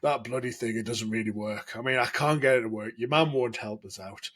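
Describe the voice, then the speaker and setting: Brief: man playing grumpy older dad, husky, low and muttered, fed up with gadgets. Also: brisk, fairly bright tone. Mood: grumbling.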